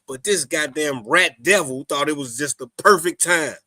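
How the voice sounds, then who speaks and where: A man co-hosts a podcast, talking casually and emphatically and looping back on his points. His voice is bright and forceful. The recording is dry and close. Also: on the high side, moderate pace, no echo. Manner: emphatic, repeats "you understand me". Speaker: podcast co-host. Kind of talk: casual commentary.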